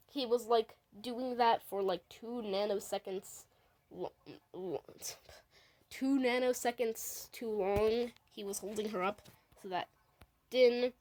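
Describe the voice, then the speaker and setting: Heard on a rough recording, a woman with a medium-pitched, slightly mellow voice offers casual video commentary on her own animation. She moves scene by scene in a rambling way, chaining events with "and then" and "and then he's like."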